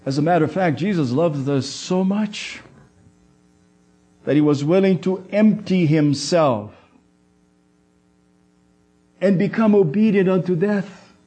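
A man preaching a sermon in a high voice, unhurried and deliberate. He leans on dramatic pauses and slips into the quoted words of others as he goes. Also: warm tone, husky.

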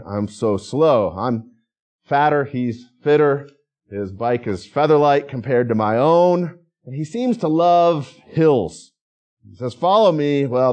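A middle-aged male pastor delivering a sermon. He talks in an easy, conversational manner and keeps putting questions to the congregation. His voice sits at an ordinary middle pitch for a man. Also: darkish tone. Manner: conversational preaching with rhetorical questions.

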